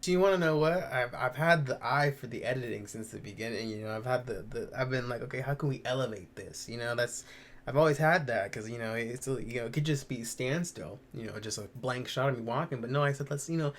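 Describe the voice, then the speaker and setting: A man's voice: medium pitch, a little fast. Campy young man reacting to old clips. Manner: animated, campy, swears freely. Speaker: vlogger reacting to his old videos. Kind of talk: casual reaction chat.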